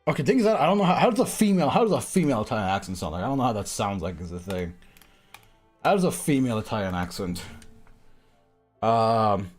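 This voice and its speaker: A man's voice: fairly low pitch, big pitch swings, quick pace, soft background music. A man streaming a game, chatting casually in a rambling, distracted way with lots of hesitation. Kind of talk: casual game-reading livestream chat.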